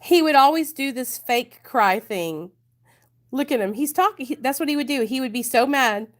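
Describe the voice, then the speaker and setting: A woman's voice: high-pitched, lively intonation, moderate pace. A woman from the United States, a vlogger speaking candidly and with emotion to her viewers in a confessional vlog.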